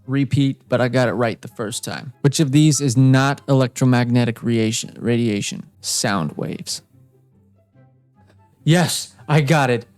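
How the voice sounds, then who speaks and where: A man's voice: medium pitch, a little slow, darkish tone, dry recording, soft background music. A young man playing a trivia game, reading each question aloud and reacting with exasperated, self-mocking outbursts. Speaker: gaming YouTuber. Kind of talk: casual gameplay commentary.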